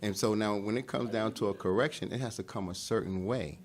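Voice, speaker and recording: A man's voice: lowish voice, fairly quick. A man leading a relationship class in a casual lecture style, laughing often, acting out quarrels and asking the room if he's right. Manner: animated, laughing, acts out quarrels; asks the room for agreement.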